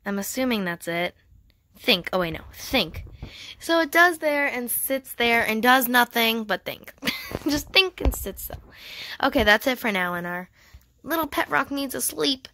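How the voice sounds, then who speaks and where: Young female gamer, slightly high voice, bubbly casual commentary, reads in-game dialogue aloud. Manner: excited and chatty, laughs often.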